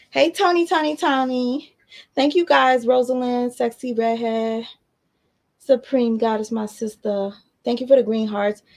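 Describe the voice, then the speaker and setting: A woman's voice: on the high side, darkish tone. A woman hosting a casual livestream, chatting loosely with her viewers and her baby. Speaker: channel host.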